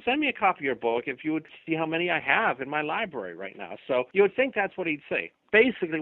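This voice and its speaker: A man's voice: on the high side, dry recording. Emphatic man on a tinny phone line. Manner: emphatic, acts out imagined dialogue. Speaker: author being interviewed. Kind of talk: talk radio interview.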